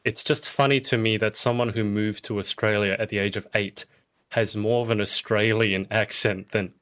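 A man's voice: fairly low pitch, steady tone, normal speed, fairly bright tone. Friendly curious male podcast host. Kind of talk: casual interview conversation.

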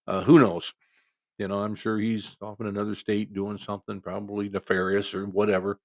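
A man's voice: lowish voice, little pitch movement, brisk, darkish tone, no room sound, clean studio sound. A man with a cold, telling a personal story in a rambling, folksy way as a podcast host. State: has a cold. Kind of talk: casual storytelling.

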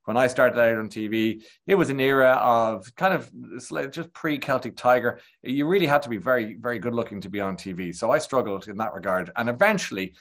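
An Irish man, a TV presenter, chatting as a guest and telling lively anecdotes, slipping into impressions of other people. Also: medium pitch, fairly quick, few pauses. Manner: animated anecdotal storytelling, slips into impressions. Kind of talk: casual chat.

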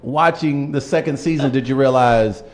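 A man's voice: mid-range voice, moderate pace. A man co-hosting a casual talk show, riffing and laughing along with his co-hosts. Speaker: co-host. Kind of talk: casual chat.

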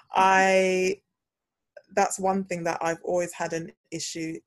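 A woman's voice: on the low side, huge pitch swings, takes it slowly, dry recording. A young British woman chatting casually on a podcast and telling a story animatedly, acting out the voices she quotes. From United Kingdom. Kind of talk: casual chat.

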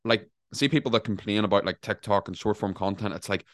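A man talks social media in a casual podcast, his voice low and recorded dry and close with no room sound. He is blunt and emphatic and swears freely. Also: fairly quick, fairly bright tone, no echo. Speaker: podcaster and content creator.

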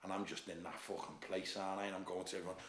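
A man's voice: sits low, flat delivery, racing, fairly bright tone, reverberant. A middle-aged man from Liverpool with a Scouse accent, guest on a podcast, telling stories in casual chat, swearing freely and laughing through them. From Liverpool, England. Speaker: bodybuilder and gym owner, guest.

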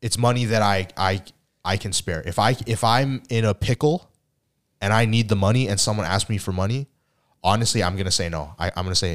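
A man co-hosting a podcast, telling a story in a casual, animated way and acting out the people in it. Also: fairly low pitch, brisk. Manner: animated storyteller, acts out quotes, teasing. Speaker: podcast co-host.

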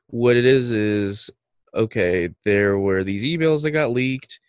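A man's voice: lowish voice, takes it slowly, smooth, no room sound. A man co-hosting a podcast in casual chat, explaining things steadily and chuckling easily. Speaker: podcast co-host.

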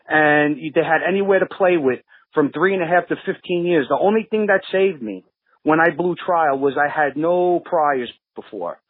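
Over phone-line audio with no room sound, a man who speaks a little high and husky rambles through casual stories on a podcast he regularly appears on. Born in Brooklyn, he has a New York accent and keeps restarting and using fillers.

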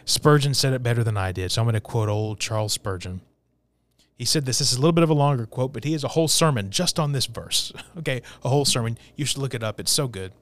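A man's voice: mid-range voice, expressive, fast talker. A man preaching a sermon as a church pastor, talking emphatically and asking the congregation rhetorical questions.

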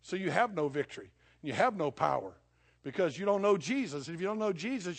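A middle-aged man preaching a sermon, impassioned, swinging between loud declarations and low, hushed asides. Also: lively intonation, fast, creaky. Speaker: pastor.

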